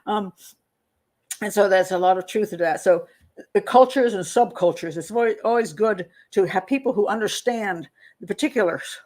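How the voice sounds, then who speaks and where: Here the host is an older woman who works as a criminal profiler, running a live stream and casually reading comments aloud. Her mid-range voice is slightly mellow and moves at a normal speed, and her talk wanders with fillers and soft chuckles.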